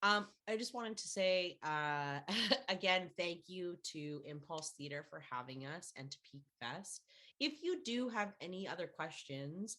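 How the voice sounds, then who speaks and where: A woman's voice: fairly low pitch, lively intonation, measured pace, pushed and bright. A woman hosting a casual online panel chat from her home, playful and bubbly, laughing as she talks over a video call. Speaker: host.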